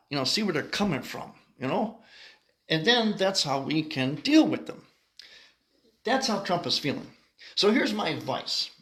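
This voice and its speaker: A brash, street-talking South Sider with a thick Chicago accent, as a man puts him on in a comic monologue. His voice sits high and bounces up and down, and he talks bluntly, leaning on slang and "you know". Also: fairly bright tone, exaggerated voice.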